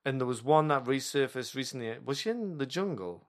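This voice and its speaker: A man's voice: medium pitch, lively intonation, fairly quick. A man co-hosting a podcast, rambling and teasing in casual banter, swearing freely. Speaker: podcast co-host.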